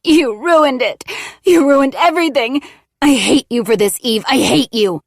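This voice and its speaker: A woman's voice: sits high, measured pace, creaky, dry recording, studio quality, voice pushed up, full character voice. A woman voicing a volatile, unhinged woman, menacing and mock-sobbing in a storybook. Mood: venomous.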